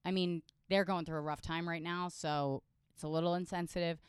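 A young woman co-hosting a podcast in casual comedic chat, telling stories in a wry, deadpan way. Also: fairly low pitch, brisk, smooth, no echo, clean studio sound. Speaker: podcast co-host.

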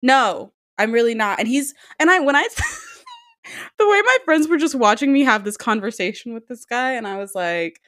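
A woman's voice: fairly high pitch, wildly swooping pitch, moderate pace, fairly bright tone, dry recording, clean studio sound. A young woman co-hosting a casual podcast chat, telling blunt, profane stories and acting out what people said. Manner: blunt, profane storytelling with acted-out quotes.

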